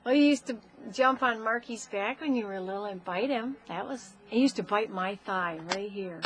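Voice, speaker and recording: A woman, a mother, telling her grown child stories about him as a baby in a casual home video, animated and often laughing. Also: medium pitch, moderate pace, a little hiss or hum.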